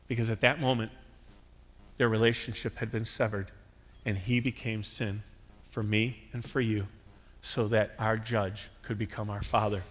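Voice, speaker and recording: A man preaching a sermon as pastor, earnest and emphatic, swinging between loud declarations and quiet tender lines. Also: mid-range voice. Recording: long hall reverb.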